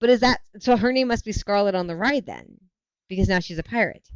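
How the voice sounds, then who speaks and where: A woman's voice: medium pitch, fairly quick, clear, resonant tone, no echo, lo-fi sound. A woman hosting a livestream, chatting casually and reacting to viewer comments with frequent laughter. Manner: animated, laughing often, self-interrupting. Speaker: livestream host.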